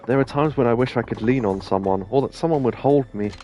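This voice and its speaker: A man reading the lines of a weary single-mother hostess from a video game in his own plain voice, unhurried and flat. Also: medium pitch, dull audio, soft background music, lightly acted. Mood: wistful. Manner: reads game subtitles aloud in a plain, unhurried voice.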